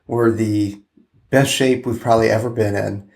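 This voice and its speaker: A man's voice: fairly low pitch, normal speed, gravelly. A man in his forties in a casual podcast chat, looking back on his past in a reflective, self-deprecating way. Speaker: podcast co-host. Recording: steady background noise.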